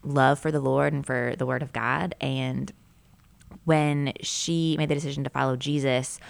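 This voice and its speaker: Low-voiced animated woman storyteller. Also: a little slow, vocal fry. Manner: animated storyteller, acts out quotes, frequent "like". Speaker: podcast co-host and mother. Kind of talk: casual chat.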